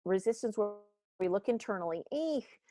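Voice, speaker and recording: A middle-aged woman teaching a leadership workshop, her voice at an everyday middle pitch. She is animated and likes to act out the voices she quotes. The sound is dry and close, with no room in it. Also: unhurried, no echo.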